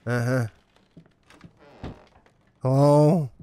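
A man's voice: medium pitch, steady tone, drawn-out words, dark tone, a little hiss or hum. A man streaming a horror game live, swearing, joking and talking back to the game and to his chat. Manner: profane, jokey, talks back to the game and chat. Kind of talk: live gameplay commentary.

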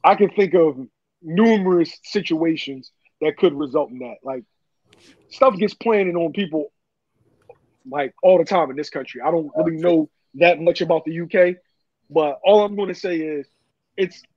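A man's voice: fairly high pitch, moderate pace, a little mellow, no room sound. A man arguing heatedly on a podcast panel, stuttering and swearing as he makes his points. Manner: agitated, stuttering, profane. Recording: dull lo-fi audio.

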